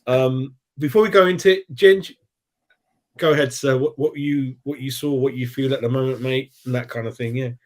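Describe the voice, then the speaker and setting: A man hosting a football fan chat, talking in a rambling, animated way and calling everyone mate. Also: mid-range voice, moderate pace. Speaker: fan channel host.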